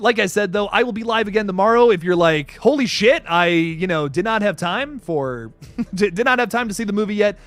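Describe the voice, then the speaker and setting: A man's voice: high voice, a bit bright. A young man hosting a casual live stream, reading viewer messages, laughing often and swearing casually. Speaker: livestream host reading super chats.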